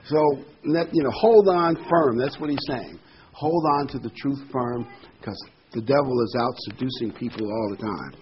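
An older man preaching a sermon, reading Bible verses slowly and with emphasis between plain explanations. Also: medium pitch. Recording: dull lo-fi with faint noise.

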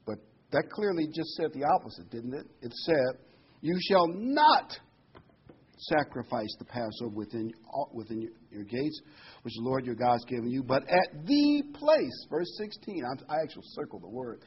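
Husky man teaching scripture verse by verse. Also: mid-range voice, lo-fi sound. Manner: reads scripture slowly and emphatically, then explains casually. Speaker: preacher.

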